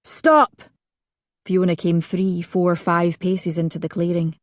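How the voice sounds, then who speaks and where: A woman narrating a romance audiobook with measured storytelling. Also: on the low side, flat delivery, darkish tone, no echo, clean studio sound.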